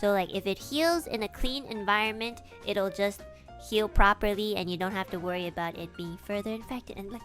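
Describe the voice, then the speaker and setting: A young woman streamer tells a casual story in an animated, lively way, cursing freely and breaking into laughs. Her voice is bright and forceful, and faint music plays underneath. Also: medium pitch, a little fast.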